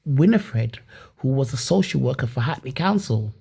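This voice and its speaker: Husky-voiced woman telling a rambling story. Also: very deep voice, normal speed. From Leeds, England. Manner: rambling and animated, many restarts and swearing. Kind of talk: casual personal storytelling.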